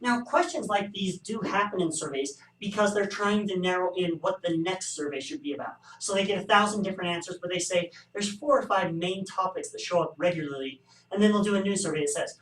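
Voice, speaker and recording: Talking fairly quickly with hardly any pauses, a statistics instructor with a high, slightly bright voice covers survey bias and makes wry, joking remarks. This classroom lecture was taped in an echoey space with the mic at a distance.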